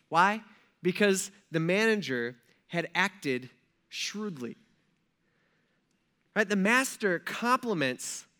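A male pastor preaching in a fairly high, bright voice. He tells the story casually, in everyday slang, and breaks off often to speak straight to the congregation. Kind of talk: sermon. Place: church.

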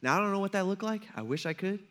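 A young male pastor preaches a sermon in a casual, joking way, acting out the people and quotes he talks about. His voice sits high and fairly bright, with lively intonation and a racing pace.

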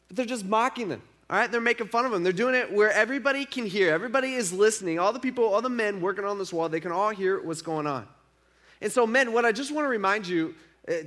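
A male pastor with a high voice preaches a sermon in a loose, conversational way. He is emphatic and repeats points for weight, often checking in with his listeners. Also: fairly bright tone.

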